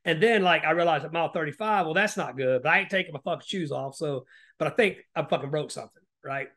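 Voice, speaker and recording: High-voiced swearing man telling stories. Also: fast talker, fairly bright tone. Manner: heavy swearing, frequent "right?" tag questions; rambling with restarts. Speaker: podcast guest. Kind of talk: casual storytelling.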